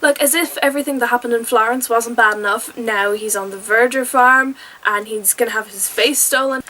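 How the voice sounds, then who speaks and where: A young adult woman giving an animated, chatty spoken review of a TV episode, often breaking into exclamations. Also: a little high, moderate pace, poor audio.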